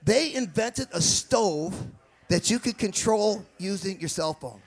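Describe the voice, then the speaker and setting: A male stand-up comedian from Michigan, chatting with the crowd, laughing at his own jokes and jumping between bits with quick asides. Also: high-pitched, expressive.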